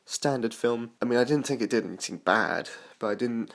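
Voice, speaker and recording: A man's voice: medium pitch, fairly quick, gravelly. A young man from the United Kingdom giving a casual spoken film review, rambling with frequent fillers and restarts.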